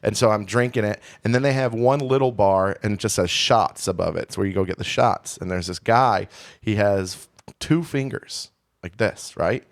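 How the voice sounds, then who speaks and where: A man's voice: on the low side, moderate pace. A young man co-hosting a comedy podcast, telling a long personal story in a candid, rambling way full of restarts. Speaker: podcast co-host. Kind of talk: casual storytelling chat.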